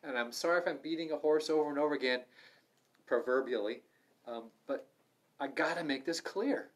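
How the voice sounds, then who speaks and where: A man's voice: on the high side, a little fast. Fervent, emphatic man preaching. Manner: fervent, emphatic preaching with sudden loud stresses. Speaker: Bible study teacher. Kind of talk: livestreamed Bible study preaching. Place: room in an assisted living home.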